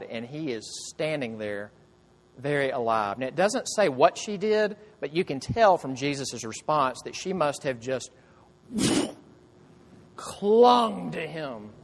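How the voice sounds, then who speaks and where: A male pastor delivering a sermon in a conversational storytelling way, often asking the listeners rhetorical questions. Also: medium pitch. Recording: long reverb of a large hall.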